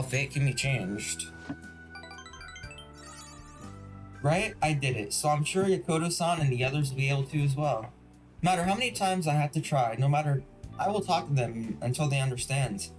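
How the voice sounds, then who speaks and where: A man's voice: fairly high pitch, lively intonation, fairly quick, over music, close to an everyday voice. A man reading an earnest young fortune teller. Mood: reflective. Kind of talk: voiced reading of game dialogue.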